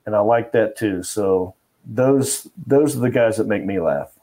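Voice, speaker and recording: A man's voice: lowish voice, measured pace, warm tone. A middle-aged man, a comedian guest, telling stories in a loose, rambling way full of fillers. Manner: rambling anecdotal with fillers and restarts. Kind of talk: casual interview storytelling.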